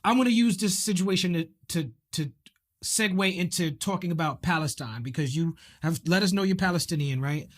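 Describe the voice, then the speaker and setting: A man hosting an interview who talks in an earnest, deliberate way, with filler pauses. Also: high voice. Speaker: host. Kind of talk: interview conversation.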